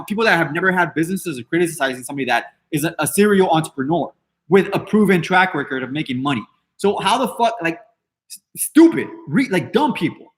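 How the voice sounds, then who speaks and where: A man's voice: fairly high pitch, fairly bright tone. A man hosting a podcast, ranting casually in a brash, defiant way, swearing freely and rambling with many restarts. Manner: dismissive and defiant. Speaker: podcast host. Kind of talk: casual unscripted rant.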